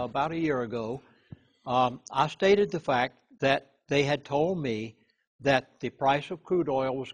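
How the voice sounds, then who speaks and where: A man with a somewhat high, husky voice holds forth as a chaplain in an interview. He leans hard on key words and often restarts his sentences, giving his talk an earnest, urgent edge. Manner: emphatic, punches key words, halting restarts.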